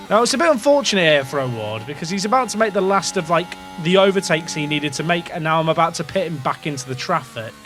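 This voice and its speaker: English guy streaming a racing game, pretty high voice, rambly and second-guessing himself, bit of music faint behind. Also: a bit bright. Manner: rambling, self-questioning, occasional swearing. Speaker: gaming streamer. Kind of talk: casual game commentary to chat.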